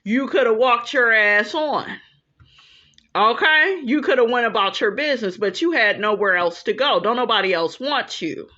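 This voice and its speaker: A woman's voice: on the high side, expressive, normal speed, bright, forceful tone. A woman giving blunt, profane commentary on her channel, often asking "okay?" to drive a point home. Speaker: reality TV commentator. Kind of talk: casual commentary. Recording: dull lo-fi recording.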